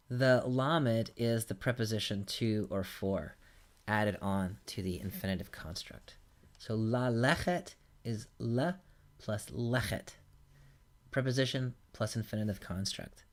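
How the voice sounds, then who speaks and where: A man teaching a recorded language lesson, patiently walking through examples one at a time. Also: medium pitch. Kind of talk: recorded lecture.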